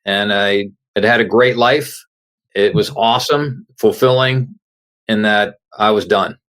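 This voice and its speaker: A middle-aged man with a slightly low voice tells his story as an interview guest. He is earnest and conversational, and he plays out the quoted lines of the people he met. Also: steady tone, measured pace, fairly bright tone. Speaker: guest, author. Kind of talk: telling a personal story in an interview.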